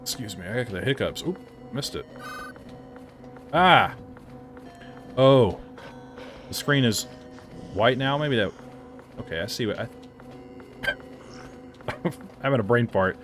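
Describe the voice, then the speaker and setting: A man's voice: mid-range voice, lively intonation, takes it slowly, long pauses, a bit bright, soft background music. A man giving casual, rambling commentary as a game reviewer, often correcting himself mid-sentence. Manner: rambling and chatty, with frequent self-corrections.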